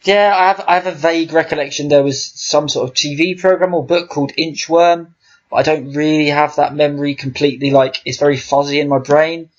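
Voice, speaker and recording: A man's voice: a little high, steady tone, brisk, lo-fi sound. A man co-hosting a casual podcast, chatting with wry, dry jokes. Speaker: podcast co-host. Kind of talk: casual chat.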